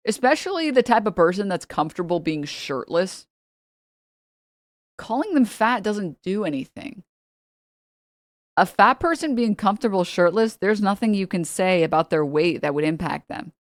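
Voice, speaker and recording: A woman's voice: medium pitch, very animated, moderate pace, dry recording, studio quality. A woman streamer chatting casually and mocking her subject with sarcasm. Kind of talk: casual chat.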